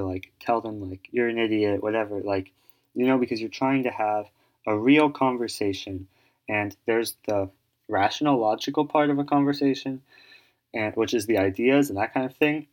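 A man explaining an idea in casual, rambling talk, full of fillers and restarts as he thinks aloud. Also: medium pitch. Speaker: solo speaker giving advice.

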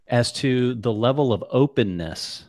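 A man hosting a podcast, reflecting in a measured way and asking thoughtful follow-up questions. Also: medium pitch, expressive, a little mellow, no echo, studio quality. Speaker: podcast host. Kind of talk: interview conversation.

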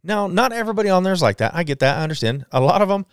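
A man's voice: high-pitched, very animated, very fast, clear, resonant tone, no echo, clean studio sound. A man in his forties hosting a solo podcast, ranting bluntly and swearing freely. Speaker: podcast host. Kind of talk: casual solo podcast rant.

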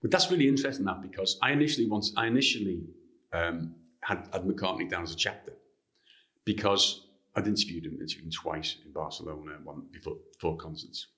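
A man from Liverpool with a Liverpool accent, a guest author telling anecdotes in an interview in an animated way. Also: sits low, a little fast. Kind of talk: interview storytelling.

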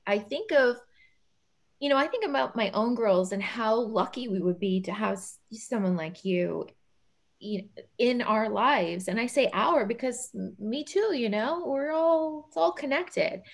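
A woman hosting a casual interview over a video call, emotional and quick to laugh, calling herself a big softie. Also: a little high, lively intonation, gravelly. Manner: warm, emotional, laughs often. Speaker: podcast host.

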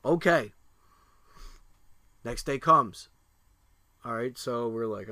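A man's voice: medium pitch, takes it slowly, pushed and bright, dry recording. A middle-aged man telling a family story in casual chat, rambling with lots of fillers and restarts, and swearing freely.

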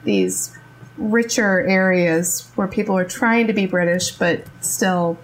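A woman's voice: fairly low pitch, lively intonation, slow, rough recording. Playful laughing woman chatting as a guest. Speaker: guest, psychologist. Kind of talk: casual chat.

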